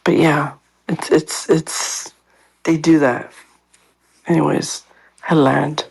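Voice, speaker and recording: A woman's voice: low voice, slow pace, gravelly, slightly rough. A woman co-hosting a podcast, chatting casually and telling stories, acting out other people's voices as she goes. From Latin American heritage. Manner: animated storyteller who acts out other people's voices. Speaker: podcast co-host. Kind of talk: casual chat.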